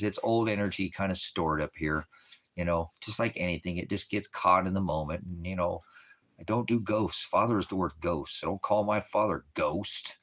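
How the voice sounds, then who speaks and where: A man's voice: deep voice, a bit bright. A man who leads a ministry, talking to viewers in a casual livestream, rambling, profane and emphatic. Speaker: ministry leader.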